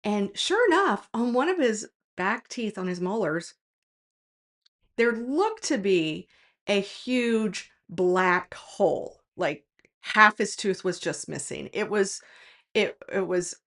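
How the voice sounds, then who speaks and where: A woman's voice: medium pitch, animated, takes it slowly, fairly bright tone. A woman who runs a tutoring business, telling a personal story in a casual, frank and reflective way, straight to her viewers.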